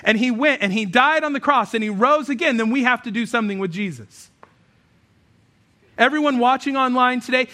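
A man with a high, bright voice preaches in a conversational, emphatic style. He drops into quick imagined voices of doubters and then returns to his point. This is a pastor addressing his congregation. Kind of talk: sermon. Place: church hall, also streamed online.

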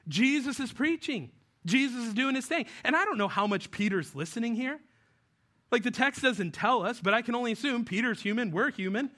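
A man from New Mexico preaches a sermon like he is chatting with friends, cracking jokes and slipping into voices for the people he quotes. His voice sits high and sounds bright, and the tone stays easygoing throughout. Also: lively intonation, brisk. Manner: conversational and joking, acts out quoted voices. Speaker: pastor. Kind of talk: casual sermon.

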